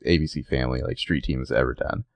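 Rumbling low and steady in tone, this man talks fast with no echo. He's a podcast co-host in a casual chat, recapping a TV episode and acting out the characters' lines.

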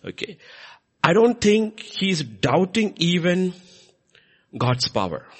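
Male preacher, sermon, husky voice, lively swooping pitch, church. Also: slow. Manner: animated, swinging pitch and loudness for emphasis.

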